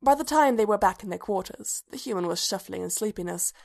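A woman reading fan fiction aloud in steady, measured narration. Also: medium pitch, creaky. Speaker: reader.

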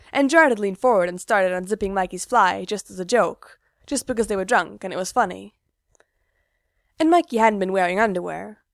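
A woman narrates a story aloud, unhurried and intimate. Her voice sits at a middle pitch and sinks to a near hush in places. The recording is dry, with no room around it. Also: dry recording.

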